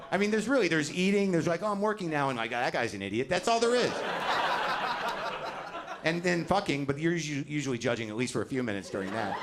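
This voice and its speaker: Ranting profane middle-aged comedian. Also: male voice, medium pitch, noisy background. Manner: profane, ranting, self-deprecating. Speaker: stand-up comedian. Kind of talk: stand-up comedy set. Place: comedy club stage with audience.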